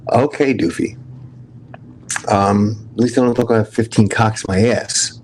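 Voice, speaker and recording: A man's voice: on the low side, moderate pace, a little hiss or hum, low-quality recording. A man with a strong New York accent, hosting a casual livestream chat, brash and profane as he jokes with his viewers. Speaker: livestream host.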